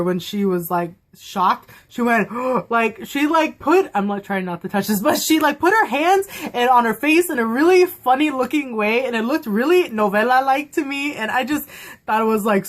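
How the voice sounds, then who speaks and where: Young female vlogger, excitable and giggly, rambling fan-review chatter, voice sitting a little high. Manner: gushing, giggly, rambling with many fillers.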